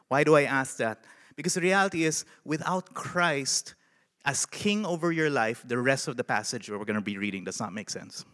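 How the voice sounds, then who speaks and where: A man from the Philippines with a Filipino English accent, preaching a sermon as a pastor in an animated way and putting questions to his listeners. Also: fairly high pitch, moderate pace, long reverb tail.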